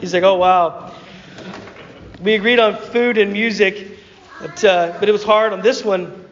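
Southern male pastor, high-pitched, casual halting sermon, dull recording in a reverberant hall. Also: a little hiss or hum. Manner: conversational, hesitant storytelling with many fillers and restarts.

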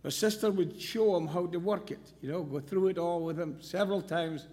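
Brief: male preacher, a bit higher-pitched, storytelling sermon in a church hall with long reverb. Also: normal speed, darkish tone. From Scotland. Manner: storytelling, homely asides.

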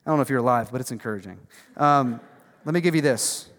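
A man preaching a sermon as pastor, conversational and emphatic, dropping from loud bursts to hushed lines. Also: mid-range voice, fast talker. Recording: long reverb of a large hall.

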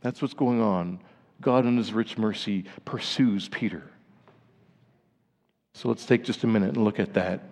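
Man preaching with hushed lows and rising peaks. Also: measured pace, long pauses, in a large hall. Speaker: pastor. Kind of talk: sermon.

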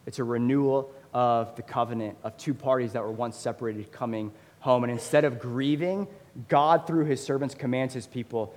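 A man in his thirties preaching a sermon as a pastor, conversational and animated, with lots of fillers. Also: medium pitch, moderate pace. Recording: long hall reverb.

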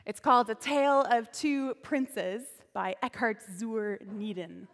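A woman pastor telling a story in a sermon, expressive, with volume that rises and falls, recorded in a church sanctuary with long reverb. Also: a little high, unhurried.

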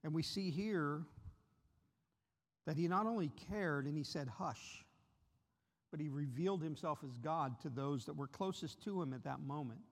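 Guest preacher, male, higher voice, earnest, lifts his pitch for quoted cries, big reverberant church sound. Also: normal speed. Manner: earnest, voice rises sharply when voicing the disciples' cries. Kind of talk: sermon. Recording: long reverb of a large hall.

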